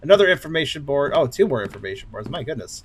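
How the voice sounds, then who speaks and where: A man's voice: medium pitch, sing-song, fast, a little hiss or hum. A man with an Oregonian accent, chatting and joking while he plays a game, laughing often and thinking aloud. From Oregon, United States. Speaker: let's play host. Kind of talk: casual gaming commentary.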